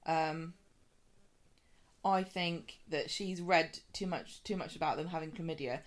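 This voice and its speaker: A woman's voice: low-pitched, unhurried. A woman co-hosting a podcast, chatting casually and joking as she recaps a soap opera, acting out the characters' lines in a raised voice. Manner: chatty, jokey, acts out quotes in a raised voice. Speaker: podcast co-host.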